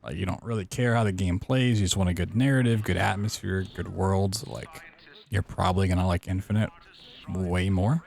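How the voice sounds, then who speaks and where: Low gravelly male streamer. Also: normal speed. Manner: relaxed, rambling, playful. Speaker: speedrunning streamer. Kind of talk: casual live-stream commentary while playing.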